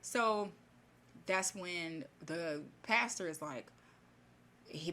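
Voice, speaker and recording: A woman's voice: lowish voice, takes it slowly, sharp tone, a little hiss or hum. A woman casually retelling a fairy tale in her own words, rambling and chatty, with many restarts. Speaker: storyteller.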